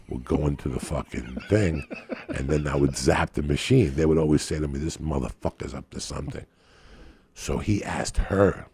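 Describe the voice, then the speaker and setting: A man spins a rambling, profane comic story on a podcast. His voice sits very low and gravelly, with a raspy, husky edge. His delivery stays laid-back and crude throughout. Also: a little mellow.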